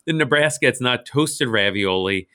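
A man from St. Louis, co-hosting a casual Bible podcast, chatty and quick to laugh, with many restarts. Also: medium pitch, animated, bright, forceful tone. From St. Louis, Missouri. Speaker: podcast co-host.

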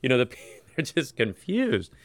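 A man co-hosting a conversational Bible discussion, thoughtful and gentle, with casual fillers as he reflects. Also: medium pitch, wildly swooping pitch, a little slow, no room sound. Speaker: co-host.

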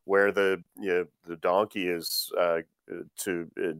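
Chuckling man with a low voice. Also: little pitch movement, a little slow, smooth, dry recording, studio quality. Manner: chuckling, hesitant with many fillers. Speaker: co-host. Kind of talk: Bible study discussion.

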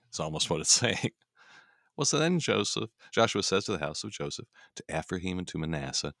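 Animated gravelly man with lively pitch. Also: a little fast, no room sound, clean studio sound. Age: young adult. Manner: animated, acts out quoted voices, laughs often. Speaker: pastor. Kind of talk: casual Bible study discussion. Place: radio studio. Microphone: studio mic.

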